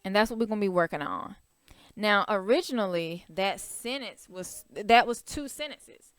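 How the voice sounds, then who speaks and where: A woman's voice: medium pitch, lively intonation, moderate pace, clear, resonant tone, dry recording, clean studio sound. A woman teacher explaining a writing lesson to young children, in short simple steps and with frequent checks that they follow. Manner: patient, simple explanations with repeated checks like "right?" and "okay?". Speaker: elementary school teacher.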